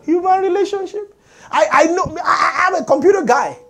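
A middle-aged man preaching a sermon as pastor, animated and calling for amens from the congregation. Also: very high-pitched, fairly quick, vocal fry. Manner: animated preaching with call-and-response.

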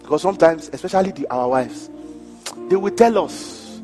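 A man's voice: a little high, lively intonation, brisk, a little mellow. A man pastor preaching a sermon in a church hall, acting out the people he quotes and laughing between his points. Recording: church hall with long reverb and faint music.

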